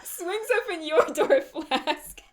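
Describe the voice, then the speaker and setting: A woman's voice: very high-pitched, animated, takes it slowly, slight background noise. A woman narrating as game master of a tabletop game, giggly and loose. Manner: giggly, loose, with many fillers.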